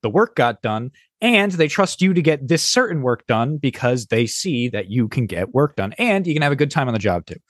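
Man, mid-pitch voice, dry close sound, casual chat, reflective, sums things up. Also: big pitch swings, moderate pace, hardly any pauses, dry recording.

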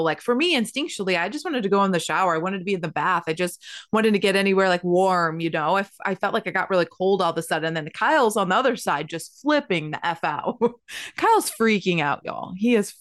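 A woman's voice: on the low side, a little fast, fairly bright tone. A woman, co-hosting a casual podcast and chatting informally with frequent laughs. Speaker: podcast co-host, wife. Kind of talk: casual storytelling chat.

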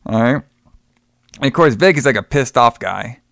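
A man's voice: mid-range voice, expressive, moderate pace, gravelly, a bit bright, no room sound, studio quality. A man co-hosting a podcast, retelling a movie in a rambling, casual way with plenty of swearing. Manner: rambling, swearing, acts out quotes with laughs. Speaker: podcast co-host. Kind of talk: casual movie review chat.

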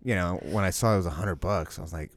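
A man's voice: sits low, quick pace. A young man co-hosting a podcast in casual chat, rambling and swearing freely. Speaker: podcast co-host.

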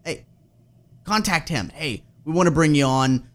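A man's voice: fairly high pitch, expressive, measured pace. A man doing a mock-accented film producer.

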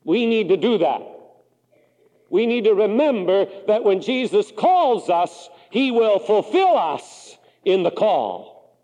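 Preacher, male, Pacific Northwest, high animated delivery, churchy hall echo. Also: slow. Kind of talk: sermon.

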